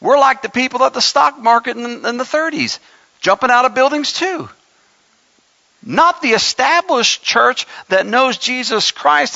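Male pastor, high and gravelly, bright edge, preaching with emphasis and humor, slightly dull recording. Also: no echo. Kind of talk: sermon.

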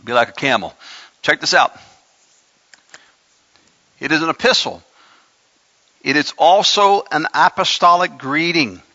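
A man delivers a sermon in a high, gravelly voice with a bright, forceful edge. He preaches with emphasis and slips in joking asides. The recording sounds a bit dull and lo-fi. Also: expressive, a little slow, pauses often, no echo. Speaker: pastor.

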